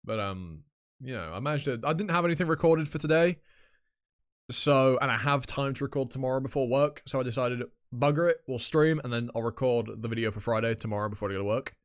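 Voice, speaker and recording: A man's voice: medium pitch, quick pace. A young man chatting casually on a live reaction stream, rambling and swearing freely. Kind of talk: live reaction stream, reading a webtoon aloud.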